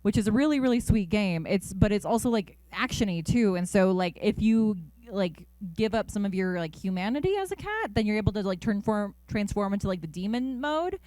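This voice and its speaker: A young adult woman, a voice actor, chatting in an interview in an animated, upbeat way with lots of fillers. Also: medium pitch, fairly quick, few pauses, no room sound. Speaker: voice actor guest. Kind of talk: casual interview chat. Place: convention interview.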